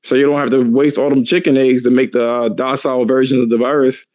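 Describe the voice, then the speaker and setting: A man co-hosting a podcast, chatting casually with profane, animated storytelling and frequent laughter. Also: medium pitch, fast talker, no echo. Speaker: podcast co-host. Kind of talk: casual chat.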